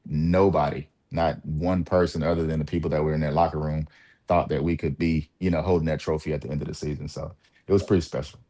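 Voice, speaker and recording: Deep-voiced former player, relaxed. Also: male voice, fast. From Mississippi. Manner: relaxed, reflective, many fillers and light laughs. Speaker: former college point guard, guest. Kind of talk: casual interview talk.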